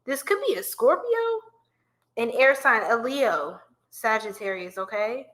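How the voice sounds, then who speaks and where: A woman gives a live tarot reading to her viewers. Her voice is bright and a little high, and she keeps things chatty and playful, laughing often. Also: expressive, measured pace. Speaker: tarot reader.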